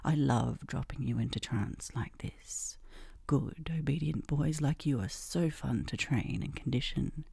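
A woman in a whispered role-play, speaking in a breathy whisper with a slow, commanding, teasing manner. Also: extremely low pitch, dark tone, dry recording. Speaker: hypnosis role-play performer.

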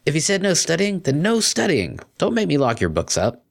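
A man's voice: fairly high pitch, wildly swooping pitch, fairly quick, creaky, pitched above the performer's own voice, exaggerated voice. A man voicing a brash, cocky young female unicorn DJ who talks in a slangy, teasing way. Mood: bossy.

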